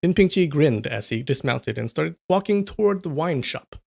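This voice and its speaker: A man reading a novel aloud on a livestream, breaking off for relaxed chat with viewers' comments. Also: on the high side, normal speed, gravelly. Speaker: livestream storyteller.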